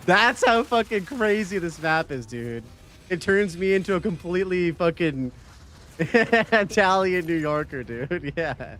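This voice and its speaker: A game streamer from Canada, a man talking casually and profanely to his chat. His voice sits a bit high for a man, with a very lively, bouncing pitch. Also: a little slow, a little hiss or hum. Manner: casual, profane, chatty with viewers.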